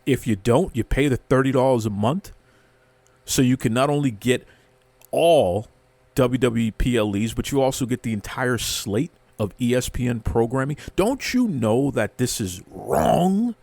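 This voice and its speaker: A man's voice: mid-range voice, normal speed, darkish tone, dry recording. A man hosting a wrestling show, ranting with mock outrage and heavy sarcasm, often repeating words as he builds up. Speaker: wrestling commentary host. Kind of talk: sarcastic rant to camera.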